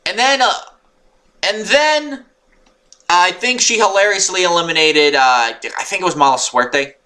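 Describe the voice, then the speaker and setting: Excitable man recapping wrestling, bright voice. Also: high-pitched, unhurried. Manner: excitable, rambling, swears, yells when annoyed. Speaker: wrestling show reviewer. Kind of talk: unscripted recap monologue.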